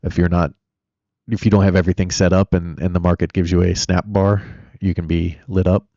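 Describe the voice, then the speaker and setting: A man's voice: low voice, flat delivery, brisk, warm tone, no room sound, highs cut off. A man hosting a live trading stream, chatty and blunt, rambling between chart talk and answers to viewers. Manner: blunt and opinionated. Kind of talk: casual live-stream commentary.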